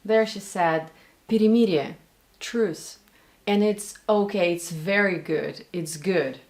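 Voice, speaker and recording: Slow, careful Russian-accented woman teacher. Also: lowish voice. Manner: demonstrates sounds slowly, repeating words and single sounds. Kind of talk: pronunciation lesson commentary.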